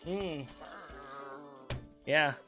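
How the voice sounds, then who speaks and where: A man's voice: fairly high pitch, very slow, sharp tone, faint music behind. A man narrating as game master in a loose, laid-back way, with fillers and chuckles.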